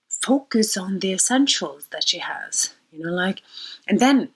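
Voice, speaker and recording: A woman's voice: medium pitch, lively intonation, a little slow, fairly bright tone, husky, rough recording. A woman astrologer retelling a myth and reflecting on it in a rambling, personal way, sometimes dropping to a near whisper. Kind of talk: storytelling talk on myth and astrology.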